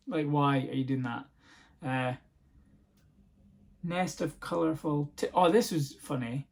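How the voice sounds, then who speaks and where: A man's voice: fairly high pitch, slow, creaky, pauses often. A man hosting a podcast, rambling through a casual comic monologue, sarcastic and swearing freely. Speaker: podcast host.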